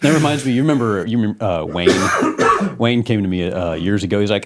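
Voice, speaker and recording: A man's voice: lowish voice, brisk, background noise. A man hosting a casual beer podcast, talking with a congested allergy voice and telling jokes and stories. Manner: animated, joking storyteller. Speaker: podcast host.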